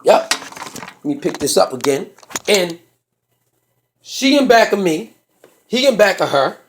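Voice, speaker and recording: Speaking slowly in a voice that sits high, a stand-up comedian acts out the people in his vulgar, animated stage story.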